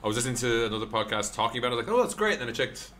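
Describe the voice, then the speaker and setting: A man's voice: mid-range voice, flat delivery, rapid-fire, bright, forceful tone, slight background noise. A man co-hosting a podcast, joking and swearing freely in casual chat. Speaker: podcast co-host.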